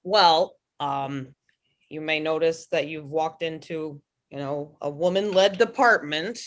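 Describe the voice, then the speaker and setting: A woman's voice: sits low, takes it slowly. A woman performing online improv comedy in a weary, resigned, wry manner.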